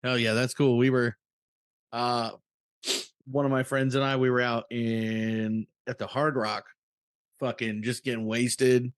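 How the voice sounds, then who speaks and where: A man's voice: mid-range voice, flat delivery, a little slow, smooth, no echo, studio quality. Profane man in a loose podcast chat. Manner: loose and profane, explains things for a co-host. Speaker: podcast co-host. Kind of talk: casual chat.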